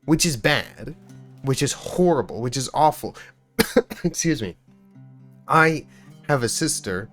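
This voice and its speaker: A man and gaming YouTuber in an angry, sweary rant about a game, repeating himself, then quietly apologizing to his viewers. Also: medium pitch.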